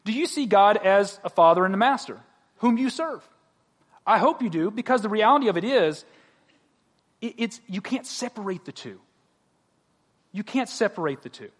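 A man's voice: high voice, expressive, normal speed, pauses often. A man pastor preaching a sermon in a conversational way, joking and asking the congregation direct questions.

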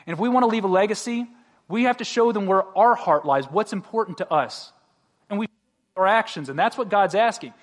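A man's voice: high voice, brisk. A man pastor preaching a sermon in a conversational way, joking and asking the congregation direct questions.

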